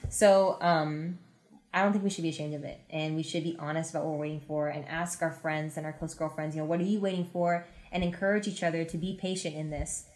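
A young woman speaks as a guest on a casual faith podcast and retells stories with earnest warmth. Her voice sits slightly low for a woman, and she keeps the talk relaxed and chatty. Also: quick pace. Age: young adult. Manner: earnest storytelling, retells Bible stories with acted quotes.

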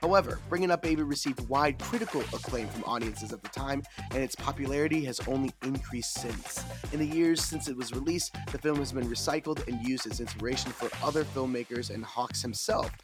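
A man's voice: medium pitch, a little fast, few pauses, over music. A man from Panama hosting a film podcast, reading a scripted history of a film and then chatting loosely with his co-hosts. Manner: informative, stumbles and repeats words when talking off the cuff. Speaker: podcast host. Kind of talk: scripted film-history narration and casual chat.

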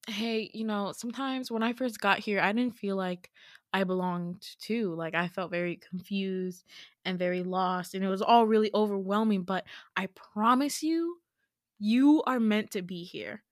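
A woman voicing a kind young male wizard student who talks in a gentle, reassuring way. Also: fairly high pitch, lively intonation, moderate pace, no room sound, clean studio sound, lightly acted.

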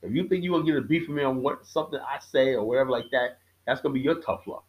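A man's voice: mid-range voice, rapid-fire, rough recording. A man talking straight to his audience in a casual, profane rant, blunt and defiant. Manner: blunt, defiant, swears freely.

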